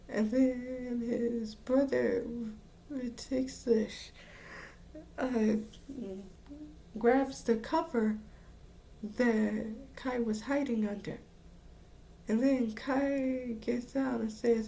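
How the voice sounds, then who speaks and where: A woman's voice: fairly high pitch, slow, dark tone. A woman reviewing an anime episode in a casual, rambling recap, restarting her sentences often. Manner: rambling with frequent restarts and laughs.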